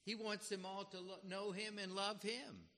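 A man's voice: high-pitched, level tone, moderate pace, sharp tone. A man giving an earnest, dramatic sermon and acting out the scripture he quotes. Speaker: preacher. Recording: reverberant hall.

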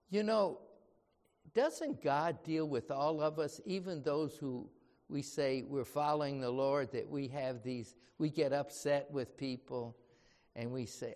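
A man's voice: a little high, lively intonation, slow, a little mellow. A man preaching a sermon with emphasis, often putting rhetorical questions to his listeners. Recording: reverberant hall.

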